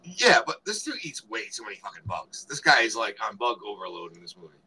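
Male co-host, bright and rambling, casual retelling of film scenes. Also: fairly low pitch, huge pitch swings, brisk, gravelly, husky, low-quality recording. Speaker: podcast co-host. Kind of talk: casual movie review chat.

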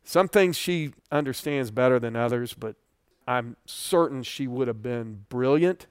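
A middle-aged man teaching a Bible study, telling a personal testimony in an earnest, conversational way that rises with feeling and then drops quiet. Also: unhurried, clear, resonant tone, no echo, studio quality. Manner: earnest and conversational, voice swelling then dropping low.

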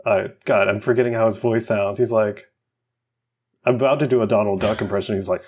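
A young man co-hosting a podcast in casual chat, laid-back and quick to laugh, sometimes losing his train of thought. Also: on the low side, steady tone, a little mellow. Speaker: podcast co-host. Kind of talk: casual chat recapping a film.

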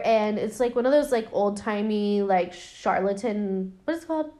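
A woman's voice: medium pitch, normal speed, few pauses, a little mellow. A young woman podcast host recapping a film in casual, sarcastic, profane chat, full of fillers.

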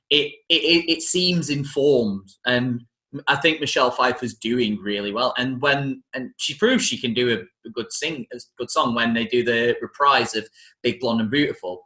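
A podcast host reviewing a film musical chats casually and enthusiastically, often restarting and correcting himself. His medium-pitched voice is bright and forceful, and the sound is reverberant.

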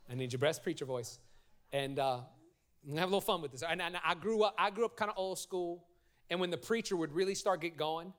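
Middle-aged pastor, high-pitched man, preaching a lively, story-driven sermon with call-and-response. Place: church sanctuary.

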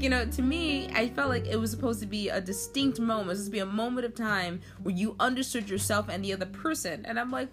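A young adult woman telling a personal story in a casual, self-mocking way, full of "like" and "um" and quick laughs. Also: a little high. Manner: chatty and self-mocking, many likes and ums, frequent laughs. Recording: music clearly behind.

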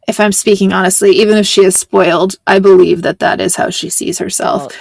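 A woman's voice: medium pitch, fairly even intonation, a little fast, gravelly, a little mellow, no echo. A woman hosting a podcast, chatting casually in a rambling, self-deprecating way. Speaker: podcast host. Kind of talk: casual chat.

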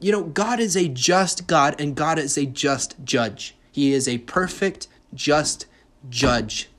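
A man's voice: fairly high pitch, takes it slowly, fairly bright tone. A young man hosting a podcast, ranting in a heated, mocking monologue full of swearing. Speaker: podcast host.

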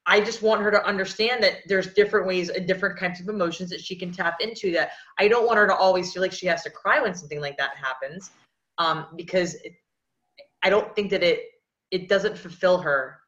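A woman's voice: on the low side, brisk, fairly bright tone. A woman in her thirties hosting a podcast, talking earnestly in a rambling way with many restarts. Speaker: podcast host. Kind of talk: casual podcast conversation. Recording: echoey, dull lo-fi sound.

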